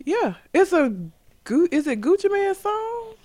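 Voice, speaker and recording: A man with a very high voice co-hosts a loose podcast. His pitch swings widely as he rants bluntly and opinionatedly. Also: very animated, measured pace, darkish tone. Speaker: podcast co-host. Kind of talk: casual chat.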